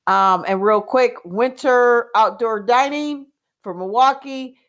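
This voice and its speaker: A woman, co-hosting a casual chat and telling stories in an animated way, with fillers and laughs. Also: fairly high pitch, slow. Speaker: co-host.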